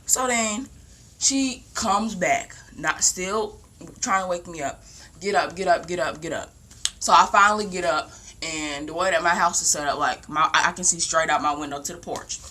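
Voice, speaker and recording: A young woman casually telling a long story at home, rambling and animated, with lots of "like". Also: fairly low pitch, normal speed. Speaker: vlogger. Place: home, indoors.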